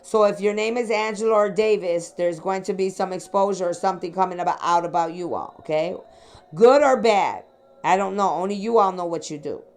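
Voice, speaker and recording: A woman from the Chicago area talks through a psychic reading in a loose, rambling way. Her voice sits at an ordinary middle pitch. She speaks straight to her listeners and checks in with them as she goes. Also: a little fast. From Chicago area, USA. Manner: rambling, addresses listeners directly with "okay?" and "sweetheart". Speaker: psychic reader. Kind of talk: casual spiritual reading monologue.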